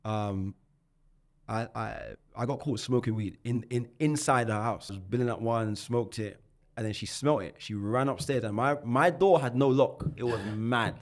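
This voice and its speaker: This man, in his twenties and speaking with a London accent, is a podcast guest telling his life story. The talk is animated and slang-heavy, full of restarts and repeated words, delivered at normal speed with a medium-pitched voice.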